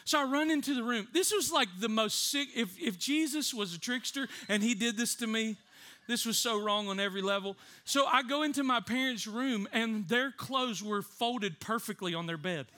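Brief: male preacher, very high bright voice, lively comic storytelling from the pulpit. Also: normal speed. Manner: animated, laughs often, acts out voices.

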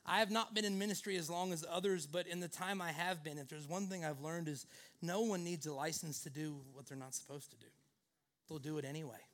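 A man's voice: fairly high pitch, fairly even intonation, fairly quick, fairly bright tone. A male pastor preaching a sermon in an earnest way, leaning often on the word "actually".

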